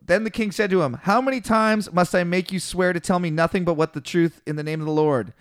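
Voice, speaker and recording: Animated man reading scripture casually. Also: sits high, a little fast. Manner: animated, swears, mimics biblical figures in slangy voices. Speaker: podcast co-host reading scripture. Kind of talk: casual irreverent chat reading aloud.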